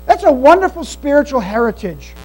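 A man's voice: extremely high pitch, big pitch swings, fairly quick, darkish tone, low-quality recording. A man preaching a sermon as pastor, earnest and emphatic, repeating key phrases. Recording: mains hum behind the voice.

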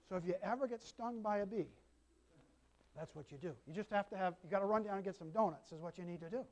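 Speaking fast in a high voice, a grandfatherly pastor preaches a sermon full of homely stories. His folksy storytelling is sprinkled with asides to the congregation.

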